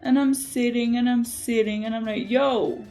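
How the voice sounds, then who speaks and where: Animated Jamaican woman telling stories. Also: on the high side, moderate pace, faint music behind. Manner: animated, emphatic, frequent "like". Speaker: beauty vlogger. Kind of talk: casual chatty storytelling.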